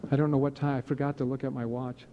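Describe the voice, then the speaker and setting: A man's voice: medium pitch, little pitch movement, quick pace, dull audio, slight background noise. Earnest rambling man in his late fifties. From Hawaii. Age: late 50s. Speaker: speaker sharing at a recovery meeting. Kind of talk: personal testimony to a live audience.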